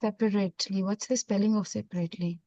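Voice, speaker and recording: A woman's voice: medium pitch, steady tone, fast, mellow, no room sound. Woman teaching French, dull lo-fi audio. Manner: switches between Hindi and English, explains step by step. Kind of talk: online class lesson.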